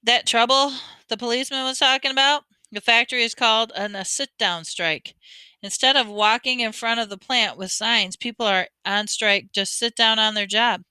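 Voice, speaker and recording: A kindly older man with a teasing, folksy way of talking, as a woman reads him aloud. He explains things patiently to a boy and calls him bud. The voice is bright and smooth, in a dry, close audiobook sound. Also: mid-range voice, no room sound, close to an everyday voice. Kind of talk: audiobook reading.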